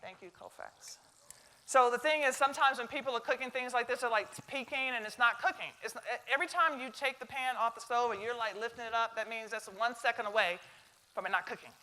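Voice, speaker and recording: A woman's voice: fairly high pitch, fairly quick, pushed and bright. A middle-aged woman with a Southern American accent, giving a chatty, joking cooking demonstration to a live audience. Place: stage kitchen before a live audience.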